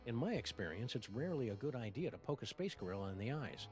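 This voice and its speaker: Male actor: cartoon dog sleuth, mid pitch, dry quips, very lively intonation. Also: fast talker, soft background music, lightly acted. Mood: wry. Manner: dry, wry delivery.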